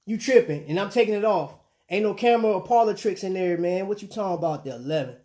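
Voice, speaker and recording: A man's voice: sits high, fast talker, dark tone. Laid-back man chatting on a live stream. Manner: laid-back slang, chatting with viewers, often saying "man". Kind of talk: casual live-stream chat.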